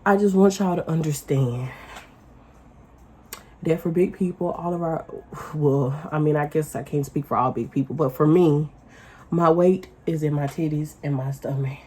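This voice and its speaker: A woman vlogger ranting casually to the camera, blunt and profane, with loud emphatic outbursts. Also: deep voice, moderate pace, breathy edge.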